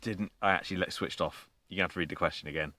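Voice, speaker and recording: A man's voice: low-pitched, fairly even intonation, very fast, sharp tone, a little hiss or hum. A man co-hosting a casual podcast, jokey and easygoing. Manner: jokey, easygoing, laughs easily. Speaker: podcast co-host.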